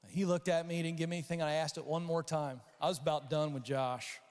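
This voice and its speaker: Animated male keynote speaker in a reverberant hall. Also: a little high, fast. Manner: animated storyteller acting out voices and shouts. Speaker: conference speaker. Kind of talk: storytelling keynote talk. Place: large conference hall.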